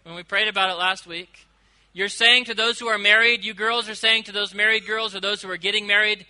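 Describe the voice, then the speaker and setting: A man preaching a sermon to a congregation, animated and shifting between loud emphasis and quiet asides, stretching out quoted lines. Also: sits high, a little fast, low-quality recording. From United States. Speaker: pastor.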